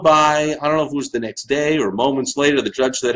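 A man's voice: mid-range voice, brisk, hardly any pauses, poor audio. A middle-aged man with a Long Island New York accent, hosting a live-stream show, ranting sarcastically and answering viewers' comments. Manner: animated, sarcastic, swings into loud mocking asides.

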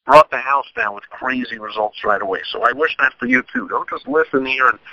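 A man's voice: mid-range voice, very animated, brisk, pushed and bright, no room sound, muffled recording. A man hosting a podcast on his own, giving business advice in a rambling, conversational monologue full of asides and restarts. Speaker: podcast host.

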